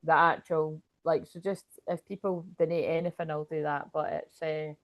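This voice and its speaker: Scottish woman tarot reader, lowish voice, rambling casual livestream chat from home. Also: level tone, moderate pace. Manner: rambling, chatty, laughs often.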